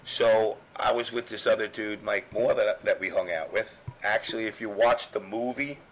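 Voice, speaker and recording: A man's voice: lowish voice, fairly even intonation, normal speed, slight background noise, rough recording. A middle-aged man from New York telling a rambling, profane story in casual chat, full of fillers. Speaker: podcast guest, former strategy guide writer.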